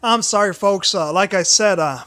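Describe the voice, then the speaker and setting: A man hosting a casual solo wrestling livestream, his voice tired from a sore throat, talking haltingly with many restarts and repeated phrases. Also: high voice, pushed and bright, dry recording.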